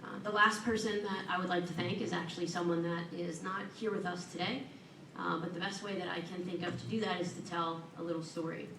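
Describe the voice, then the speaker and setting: A woman giving a heartfelt hall of fame acceptance speech at a podium, earnest and warm with self-deprecating humor. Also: fairly low pitch, steady tone, fairly quick, gravelly, hardly any pauses, noisy background. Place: large event hall at an awards ceremony. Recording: echoey room, voice from far off.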